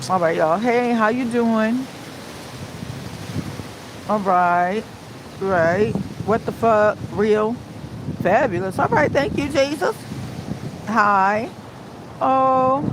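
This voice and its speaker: A woman hosting a casual livestream from outdoors in the cold, greeting viewers and talking in a loud, profane, chatty way. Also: medium pitch. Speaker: livestream host. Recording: outdoor street noise behind.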